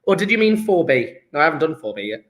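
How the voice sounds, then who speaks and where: A man's voice: a little high, very animated, fast talker. A man teaching a live online chemistry lesson, working through sums aloud in a chatty, joking way.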